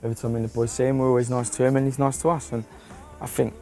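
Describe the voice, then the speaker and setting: A man's voice: medium pitch, little pitch movement, very fast, mellow. A young man from a pop band, cheeky and joking in an interview. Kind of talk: interview talk. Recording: music playing behind. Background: faint music.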